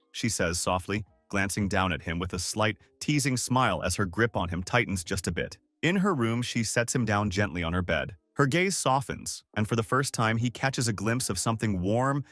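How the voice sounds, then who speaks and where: A man narrating a manga recap in scripted, expressive storytelling style. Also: fairly low pitch, no room sound.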